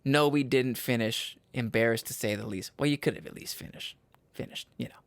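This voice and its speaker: A young man from Michigan's Upper Peninsula hosting his own podcast, rambling and cutting himself off, laughing at his own jokes and breaking into loud yells. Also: mid-range voice, a little fast, no echo. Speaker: podcast host. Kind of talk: casual solo podcast chat.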